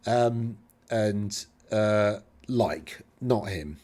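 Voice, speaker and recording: A man's voice: on the low side, very slow, a little mellow. A middle-aged man speaking received-pronunciation English with slight Lincolnshire traces, rambling off-topic in a casual monologue as a podcast host. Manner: rambling and digressive, hesitant.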